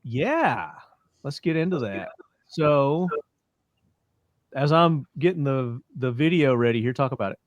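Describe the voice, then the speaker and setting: A man's voice: mid-range voice, expressive, measured pace, pauses often, dry recording. A man hosting a podcast in a casual, upbeat way, thanking sponsors and asking his guests questions. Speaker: podcast host.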